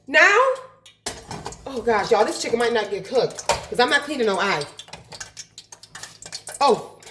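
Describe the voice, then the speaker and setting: A health and life coach vlogs casually while cooking in her home kitchen, chatty, nervous, and excitable, gasping and saying "oh gosh" a lot. Her voice is high, and the echoey kitchen carries faint frying sounds.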